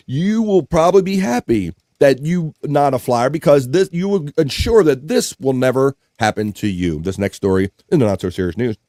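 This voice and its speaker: A man hosts a live stream show at a normal pace, his mid-range voice recorded in clean studio sound with no echo. Animated and jokey, he reads viewer comments casually and laughs often.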